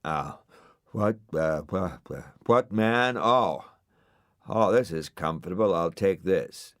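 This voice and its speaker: A man's voice: low voice, animated, slow pace, fairly bright tone, no echo, studio quality, exaggerated voice. A man voicing a sleepy, laid-back male rabbit with a drowsy drawl.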